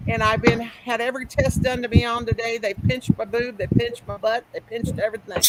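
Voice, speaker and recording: A woman hosting a casual crochet live stream, telling animated stories. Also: fairly high pitch, normal speed. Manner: animated storyteller, quotes people with Southern-style grammar. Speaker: crochet channel host. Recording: noisy home live stream.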